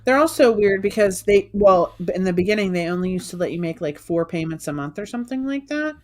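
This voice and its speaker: A woman's voice: mid-range voice, fast talker. A woman co-hosting a live stream, telling anecdotes in a chatty way, with a Western Pennsylvania accent. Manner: chatty, animated when acting out others. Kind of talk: casual chat, storytelling.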